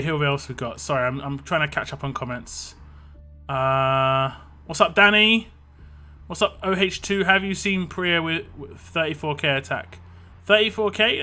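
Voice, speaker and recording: Chatting casually in a fairly high, pushed and bright voice, a British man plays a mobile game on a live stream, wandering from topic to topic and reading viewer comments aloud.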